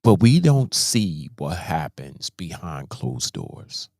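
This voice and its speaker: A deep-voiced man talks slowly, his pitch rising and falling a lot as he comments. He keeps repeating and restarting words while he makes his points with emphasis. The sound is dry and close, with no room echo. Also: very animated, creaky, darkish tone. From Baltimore, USA. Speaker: host. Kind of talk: casual commentary.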